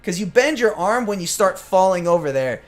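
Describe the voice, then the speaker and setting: Young male gymnast vlogger, high-pitched voice, casual and animated, replays his own remarks as he talks. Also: moderate pace. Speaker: gymnast vlogger answering viewer questions. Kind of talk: casual vlog commentary over training footage.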